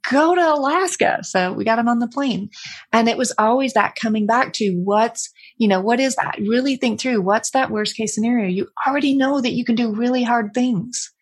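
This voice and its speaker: Breathy middle-aged woman telling a story. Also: on the high side, normal speed. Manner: candid, reflective, animated when quoting family. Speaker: interview guest, author. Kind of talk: conversational storytelling.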